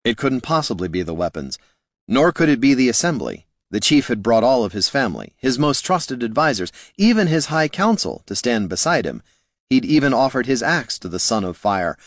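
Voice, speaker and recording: A man reading fantasy fiction as an audiobook narrator in steady storytelling style. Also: medium pitch, moderate pace, no echo, clean studio sound.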